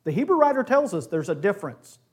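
A man leads a Bible class in a lively, questioning way. His voice sits high for a man and swings widely in pitch. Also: fast, husky. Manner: animated, asks the class questions.

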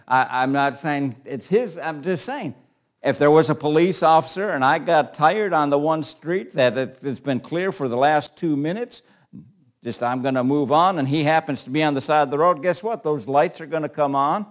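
A middle-aged man teaching an informal Bible class, talking in a loose, joking way and often repeating words. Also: fairly high pitch.

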